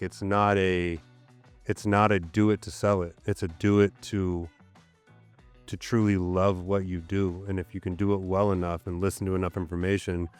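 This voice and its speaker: A man in his thirties, a podcast guest, telling a candid personal story in casual interview talk with lots of "so, like". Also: low voice. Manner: candid, animated storyteller with fillers like "so, like". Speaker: podcast guest, gym owner.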